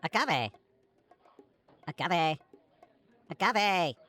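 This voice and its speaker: A woman's voice: fairly low pitch, animated, very slow, fairly bright tone, full character voice. A woman voicing a young female coffee-shop barista who hesitates and says um a lot. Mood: dithering. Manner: hesitant, full of ums.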